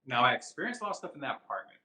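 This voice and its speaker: A man's voice: mid-range voice, very animated, racing, bright, forceful tone. A man co-hosting a casual chat, answering listener questions in a rambling, loose way with frequent laughs. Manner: rambling and loose, laughs often, many fillers. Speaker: podcast co-host. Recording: roomy echo.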